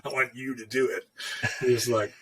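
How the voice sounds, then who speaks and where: With slight background noise behind him, a middle-aged man speaks in a steady, mid-range voice at normal speed. He's a tattoo artist trading shop stories casually, loose and profane, performing the lines others said to him.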